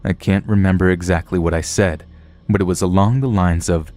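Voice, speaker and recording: A man giving a scripted narration of a true horror story in a calm, matter-of-fact way. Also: sits low, a little fast.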